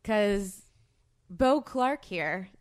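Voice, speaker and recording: A woman's voice: mid-range voice, expressive, extremely slow, clean tone. A young woman hosting a podcast, chatting casually and giggling as she rambles through a story. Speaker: podcast host. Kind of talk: casual chat.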